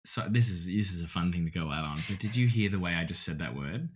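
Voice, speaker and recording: A man's voice: deep voice, fast talker, slight background noise. An Australian man chatting as a podcast guest, rambling and laughing often. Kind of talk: casual chat.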